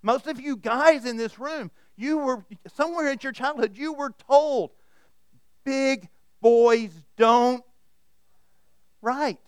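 A man's voice: very high voice, normal speed, hardly any pauses, no echo. A man preaching a sermon to a room of listeners, retelling stories and often restarting his words. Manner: storytelling, repeats and restarts words. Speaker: pastor. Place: church hall with audience.

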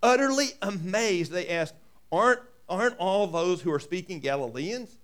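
A man's voice: sits high, animated, normal speed, a bit bright. A man preaching a sermon in a folksy way, reading scripture and adding joking asides. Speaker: pastor.

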